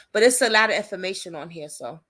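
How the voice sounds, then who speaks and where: A woman hosts a relaxed live stream, talking straight to her viewers in informal, slangy speech. She reads their comments aloud and answers them, in a voice of middle pitch. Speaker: livestream host covering a criminal case.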